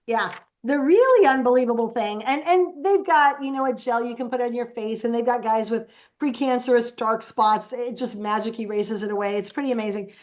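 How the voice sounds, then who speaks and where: A woman speaks as a podcast guest, her voice sitting a little high. She tells stories casually and animatedly, slipping into the voices of the people she quotes. The recording sounds dull and lo-fi. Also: brisk, hardly any pauses, a little mellow. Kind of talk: casual storytelling.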